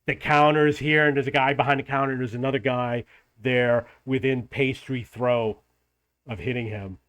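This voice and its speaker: A man's voice: medium pitch, steady tone, normal speed, fairly bright tone, clear, resonant tone. A man telling a story in a casual, exasperated rant, acting out bits of dialogue as he goes. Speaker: travel vlogger.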